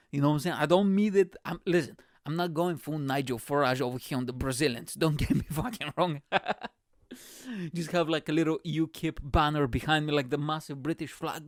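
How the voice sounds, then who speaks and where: A man's voice: fairly high pitch, moderate pace, no echo, studio quality. A man from Bulgaria hosting a podcast, delivering a rambling, profane comedic monologue with lots of energy. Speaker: podcast host.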